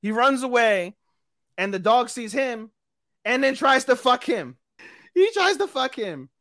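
A podcast co-host in loose, casual chat, recapping an anime plot in a crude, profane, rambling way. The voice sits at a middling pitch, neither high nor low. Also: big pitch swings, a little slow, fairly bright tone.

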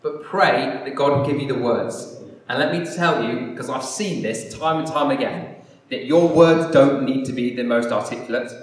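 A man's voice: medium pitch, normal speed. A man preaching to a church congregation, self-deprecating and rambling, then leading prayer. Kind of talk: sermon and closing prayer. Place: church hall. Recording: echoey hall, distant mic.

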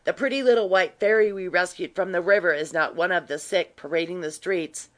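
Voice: medium pitch, a little fast, a bit bright, lightly acted. Teasing aristocratic earl, familiar and nosy, read aloud by a narrator. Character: worldly curious aristocratic earl, man. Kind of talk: audiobook reading.

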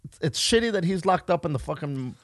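A man hosting a comedy podcast, ranting in an animated and profane way into a close mic. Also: fairly high pitch, fast talker, no echo. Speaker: podcast host. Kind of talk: casual comedy podcast chat.

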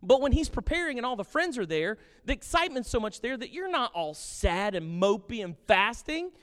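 A pastor preaching a sermon with passion and jokes, animated and lively in his delivery. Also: extremely high pitch, normal speed. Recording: long reverb of a hall.

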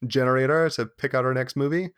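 A man co-hosting a casual film podcast, his voice sitting in a middle pitch. He talks things through as he goes, with lots of "I mean" and "like" and frequent restarts. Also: fairly even intonation, fast talker, fairly bright tone, smooth. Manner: thoughtful, loose, many fillers and restarts. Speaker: podcast co-host.

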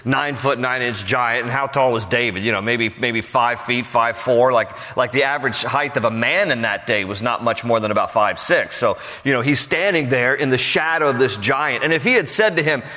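A man's voice: mid-range voice, moderate pace, few pauses, pushed and bright, long reverb tail. A man preaching a Bible study sermon in a conversational way, with frequent fillers and restarts. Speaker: pastor.

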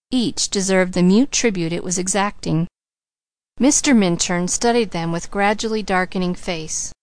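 Woman narrator, classic novel audiobook, measured, smooth clear voice, dry close sound. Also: medium pitch, no room sound.

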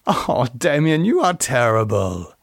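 A man's voice: mid-range voice, very animated, a little slow, creaky, no room sound, studio quality. A man voicing a German woman singer who reminisces about her past in a wistful, storytelling way. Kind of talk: audiobook character voice.

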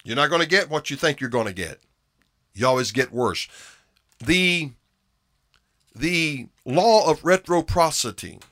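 Man preaching, emphatic, repeats phrases, slow deliberate pace, bright tone. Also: a little high, animated, dry recording, clean studio sound. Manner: emphatic, repeats phrases, swings from loud to hushed. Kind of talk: sermon.

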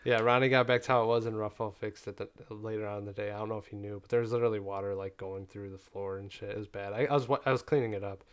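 A young man telling a story in casual chat, profane and animated, full of "like" fillers. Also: on the low side, racing, few pauses, clean tone.

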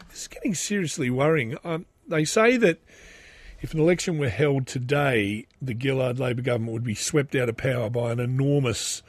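A middle-aged Australian man rambles through a casual podcast monologue, slightly higher-voiced than most men. He sounds sardonic and chatty, drifting into asides. The sound is dry and close, with no room at all. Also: dry recording. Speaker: podcast host.

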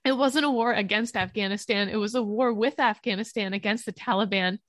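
A woman's voice: mid-range voice, a little fast, no room sound, clean studio sound. A young woman co-hosting a casual political talk show, speaking earnestly and passionately, at times rambling. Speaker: podcast co-host.

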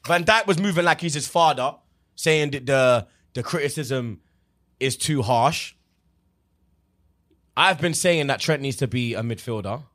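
A man's voice: medium pitch, lively intonation, a little slow, long pauses. A young man, a podcast co-host in heated football banter, boisterous and full of slang. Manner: boisterous, slangy, chanting and shouting.

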